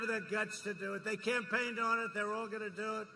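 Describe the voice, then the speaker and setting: Forceful boastful man at a rally. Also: sits high, flat delivery, a little fast, slight background noise. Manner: boastful, repetitive, crowd-rousing. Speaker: politician speaking at a campaign rally. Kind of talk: campaign rally speech.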